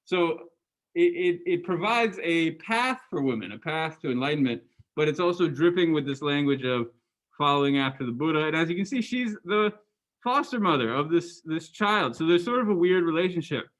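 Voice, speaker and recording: A university lecturer, a man with a slightly higher voice, talks to his class in a loose, chatty way. He keeps turning to the room with quick questions and stumbles through restarts and ums as he explains. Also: expressive, a bit bright, rough recording. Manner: casual, conversational, asks students questions, frequent ums and restarts. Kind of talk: lecture to students.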